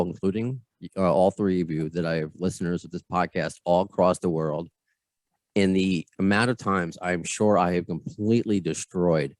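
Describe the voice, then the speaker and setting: American guy hosting a video call interview, deep voice, self-mocking rambly chat, dry sound. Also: a little mellow, dry recording. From United States. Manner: self-deprecating, chatty, repeats words. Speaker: podcast host.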